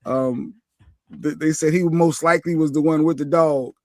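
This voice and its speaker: A man's voice: a little high, steady tone, moderate pace, dry recording, clean studio sound. A man co-hosting a live stream, laid-back and jokey as he greets viewers and chats. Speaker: co-host. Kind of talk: casual live-stream chat.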